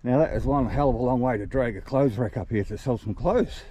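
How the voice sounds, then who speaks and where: A man's voice: mid-range voice, fairly quick, dark tone, a little hiss or hum. A man vlogging in a casual, enthusiastic way as he walks outdoors, chatting straight to his viewers. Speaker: travel vlogger. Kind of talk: casual walking vlog. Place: outdoors among rocks.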